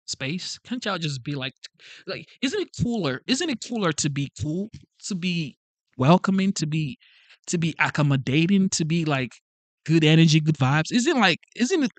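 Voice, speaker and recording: A slightly high, expressive male voice at normal speed, with no echo. The speaker came to the country as an immigrant, has a first language other than English, and hosts a casual livestream, reading the chat in an earnest, pleading tone with lots of repetition.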